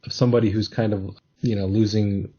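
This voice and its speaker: A man hosts a casual podcast chat in a slightly low, mellow voice with a breathy edge. He talks in a thoughtful, hesitant way, often restarting his sentences. The sound is a little dull and lo-fi. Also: little pitch movement, fairly quick. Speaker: podcast host.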